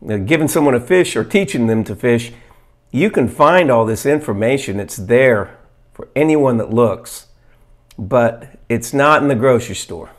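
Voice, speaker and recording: A man of middling pitch talks straight to camera in an earnest, plain-spoken way. He shows how to prepare a fermented food and stops often on "uh" and "um". When he reads a study aloud, his delivery turns halting. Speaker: health vlogger. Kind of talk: casual demonstration to camera.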